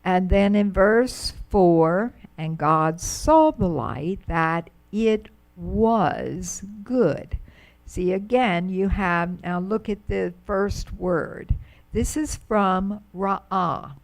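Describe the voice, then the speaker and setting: A middle-aged woman teaching Hebrew grammar to a class, pronouncing words patiently and drawing them out. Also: mid-range voice. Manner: patient, drawn-out pronunciation of words. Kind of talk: slow, careful classroom explanation.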